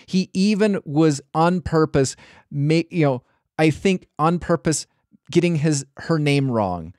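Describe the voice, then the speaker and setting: A man's voice: fairly high pitch, a little mellow, no room sound, clean studio sound. A man hosting a podcast, chatting casually in a rambling way, full of restarts and hedges. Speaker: podcast host.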